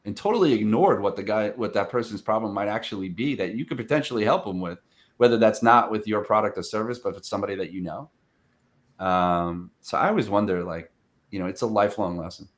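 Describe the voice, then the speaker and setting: Man, podcast host, fairly low pitch, animated storyteller, casual chat. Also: quick pace. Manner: animated storyteller, acts out quoted speech.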